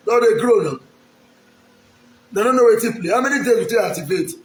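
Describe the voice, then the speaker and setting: Pleading high-voiced Nigerian man. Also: expressive, a little fast, pauses often, roomy sound. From Edo State, Nigeria. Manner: pleading and emphatic, repeats lines. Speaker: aspiring local politician. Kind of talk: direct-to-camera public appeal.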